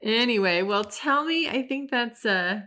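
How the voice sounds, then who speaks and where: A woman's voice: fairly high pitch, animated, measured pace, pushed and bright. A young adult woman hosting a podcast, talking alone in a frank, chatty way with frequent restarts. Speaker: podcast host. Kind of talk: casual solo monologue.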